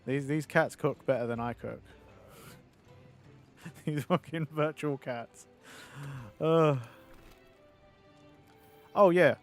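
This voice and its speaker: A man's voice: fairly high pitch, drawn-out words, long pauses, faint music behind. A British man streaming a game in casual chat, rambling, swearing and answering his viewers.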